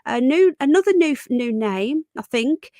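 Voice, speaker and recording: A woman's voice: high voice, lively intonation, a little slow, warm tone, no echo. Chatty woman greeting viewers. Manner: greets viewers by name with endearments. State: voice going hoarse. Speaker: live stream host. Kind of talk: casual live stream chat.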